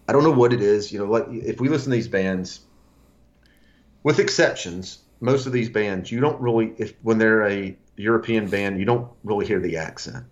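A man's voice: fairly low pitch, lo-fi sound. A man co-hosting a casual music podcast, rambling with restarts as he recommends a band. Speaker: podcast co-host.

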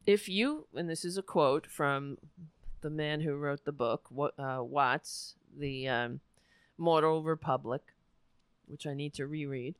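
A woman host talking on air in a smooth, clear voice, recorded close and dry. She rambles and restarts, her words dropping to soft murmurs, and she sounds close to tears. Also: deep voice, measured pace, no room sound. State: near tears. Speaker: talk show host. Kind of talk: casual on-air monologue.

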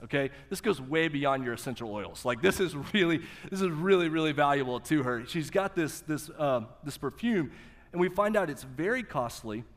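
A middle-aged male pastor giving a sermon, conversational and animated, asking the listeners rhetorical questions. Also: a little high. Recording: long reverb of a large hall.

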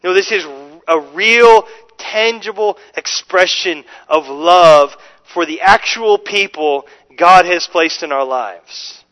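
A male pastor with a noticeably high voice delivers an earnest, emphatic sermon. He restarts sentences with repeated words and slows right down to lean on the phrases he wants to land. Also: fairly bright tone, poor audio. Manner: slows down to stress scripture phrases.

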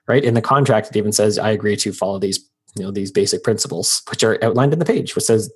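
A man's voice: on the low side, breathy edge. A man in his thirties, a podcast guest, talking casually and telling stories with acted-out quotes. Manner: fast, storytelling with acted-out quotes. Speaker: guest, freelance business owner.

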